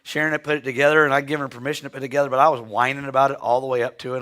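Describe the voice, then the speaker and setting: A male pastor delivers a sermon from the pulpit of a church. His voice is bright and forceful, sitting at an ordinary pitch for a man, and he tells his story in an earnest, heartfelt manner. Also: level tone, racing. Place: church sanctuary.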